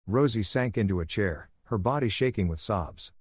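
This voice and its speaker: A man narrating a dramatic story in an even, steady read. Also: fairly low pitch, normal speed, few pauses, husky, dry recording, clean studio sound. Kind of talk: scripted narration.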